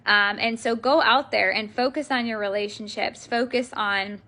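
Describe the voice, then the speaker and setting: An earnest woman speaks to her sales team on a live video, emotional and full of fillers. Her voice sits a little high and sounds sharp and bright, with a gravelly fry running through it. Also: fairly even intonation, normal speed.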